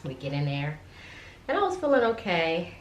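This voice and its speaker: Mom telling her story, kinda low voice, lots of ums and restarts, echoey room. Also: wildly swooping pitch, normal speed. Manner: tells the story with many fillers and restarts, becoming tearful and emotional. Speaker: guest mother. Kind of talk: emotional personal storytelling. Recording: echoey room with faint ambient noise.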